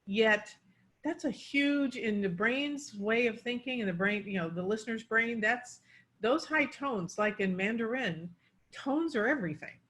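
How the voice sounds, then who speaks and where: A woman's voice: a little high, expressive, unhurried, fairly bright tone. A woman coaching pronunciation, explaining word stress and demonstrating it on example words.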